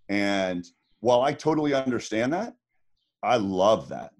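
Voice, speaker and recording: A man's voice: medium pitch, normal speed. A middle-aged man, a former swimmer and podcast guest, telling stories in a rambling casual way. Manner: rambling, lots of restarts and fillers. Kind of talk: casual storytelling.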